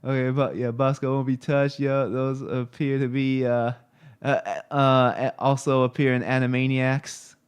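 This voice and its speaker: A man's voice: mid-range voice, flat delivery, a little slow, clear, resonant tone. A man streaming live, chatting casually and rambling with many fillers and restarts while he looks things up on screen.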